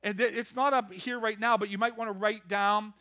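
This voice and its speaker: A man preaching a lively sermon, calling out to the congregation and building to shouts. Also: high-pitched, a little fast. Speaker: pastor.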